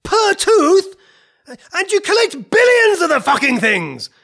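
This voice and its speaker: A man playing the fussy, exasperated king of the fairies in a comedy sketch, given to shouted outbursts. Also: very high voice, huge pitch swings, slow, heavily acted.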